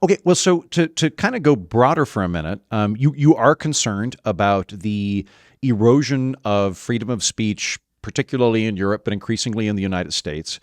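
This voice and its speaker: A man hosting a podcast interview who talks in a chatty, animated, opinionated way. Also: lowish voice, normal speed, no echo, studio quality. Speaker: podcast host. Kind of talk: conversational interview.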